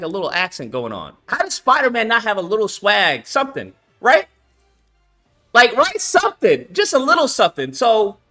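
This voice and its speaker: A young man chatting casually on a stream about his game project, slangy and animated, with lots of swearing and fillers. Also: high voice. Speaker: game developer and channel host. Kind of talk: casual livestream chat.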